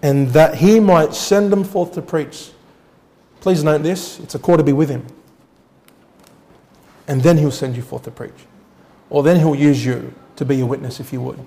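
A male pastor preaching a sermon with emphatic swings between loud declarations and quiet asides, often putting rhetorical questions to the congregation. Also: moderate pace, pauses often, long reverb tail. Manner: emphatic, rising to loud declarations then dropping low.

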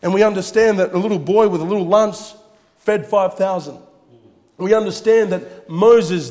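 A man's voice: high-pitched, normal speed, a little mellow, big-room sound. A man preaching a sermon with emphatic repetition, reading scripture passages aloud. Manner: emphatic, repeats phrases, reads scripture aloud.

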